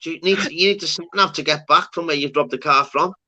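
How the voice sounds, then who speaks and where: Scouse man, young adult, swearing banter, bright and slightly high voice. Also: fast talker. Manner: swearing, banter-heavy, laughs often. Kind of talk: casual chat.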